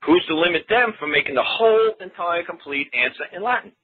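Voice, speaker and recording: A man's voice: high-pitched, expressive, fairly quick. A man talking casually on a radio show, rambling and emphatic, repeating himself and acting out other people's lines. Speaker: talk show guest explaining common law. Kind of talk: casual phone-in radio talk. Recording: tinny phone line, husky.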